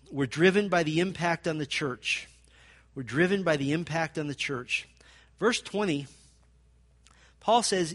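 A male pastor delivering an earnest sermon, slowing and pressing hard on the scripture he quotes. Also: a little high, fairly bright tone. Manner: earnest, emphatic, rises and slows on quoted scripture.

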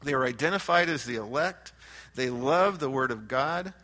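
A man preaching a verse-by-verse sermon as a pastor, earnest and animated, often restarting his phrases as he works through the text. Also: medium pitch, normal speed. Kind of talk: expository sermon.

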